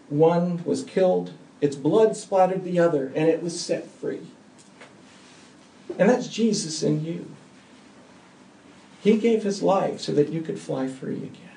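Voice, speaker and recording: Male pastor preaching, emphatic, slightly high gravelly voice; distant mic in a roomy church. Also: a little hiss or hum. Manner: earnest, emphatic, swings between soft and loud. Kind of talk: sermon with closing prayer.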